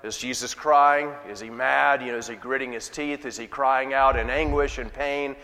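A man's voice: mid-range voice, fairly even intonation, normal speed, pushed and bright. A man preaching a sermon as pastor, reading scripture and leading prayer in an earnest, emphatic way. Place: church sanctuary. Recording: long reverb of a large church hall.

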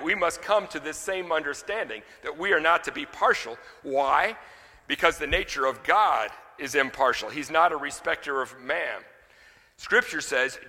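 A man's voice: mid-range voice, pushed and bright, in a large hall. A man preaching a sermon, emphatic on scripture readings and loose and chatty in his story asides.

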